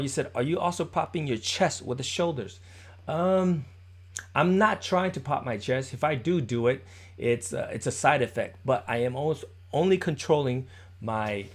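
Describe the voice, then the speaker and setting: A man teaching a live-streamed popping dance class, counting beats, encouraging his students and answering viewers in chat in a chatty way. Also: medium pitch. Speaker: dance instructor.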